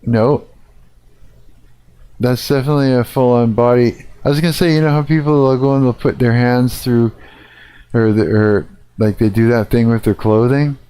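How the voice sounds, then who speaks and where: A man's voice: mid-range voice, steady tone, moderate pace, dark tone, clear, resonant tone, no echo. A man live-streaming, reacting casually to a video, laughing often and swearing as he thinks aloud.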